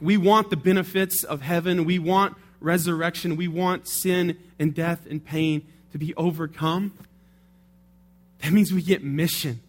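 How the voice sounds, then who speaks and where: A male pastor preaching in a relaxed, conversational way, often checking in with his listeners through tag questions. His voice sits a little higher than most men's. He talks through his points as if chatting with his congregation. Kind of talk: sermon.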